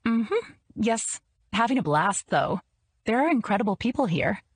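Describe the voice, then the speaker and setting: A woman's voice: medium pitch, sing-song, normal speed, husky, dry recording, voice pushed up. Woman voicing a nervous, wry young journalist.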